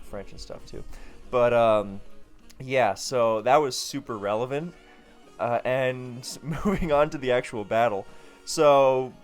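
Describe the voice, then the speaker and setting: A man giving casual, rambling commentary on a competitive game, chatty and self-deprecating with lots of asides. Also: medium pitch.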